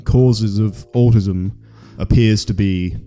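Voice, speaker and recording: A man with a deep voice and a northern English accent from near Yorkshire, chatting casually and laughing often on a comedy podcast. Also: fairly even intonation, slow, dark tone, faint music behind. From North Lincolnshire, England.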